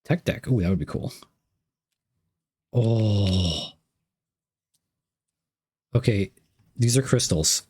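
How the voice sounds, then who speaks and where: A man's voice: fairly low pitch, animated, takes it slowly, pauses often, darkish tone, husky. A young man streaming live, reading chat messages aloud and unboxing gifts, playful and repeating himself.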